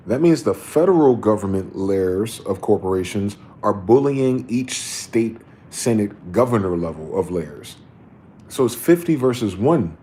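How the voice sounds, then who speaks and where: Male livestream host, low mellow voice, rambling profane commentary, faint noise behind. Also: expressive, measured pace.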